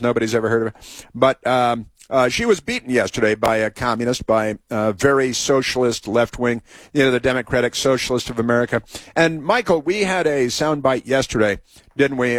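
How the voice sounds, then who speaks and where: A man's voice: medium pitch, no room sound. A man hosts a talk show in a dry, close sound with no room around it. He tells a rambling story and keeps restarting sentences and drifting into asides. Later he turns to opinionated political commentary. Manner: meandering, full of restarts and asides.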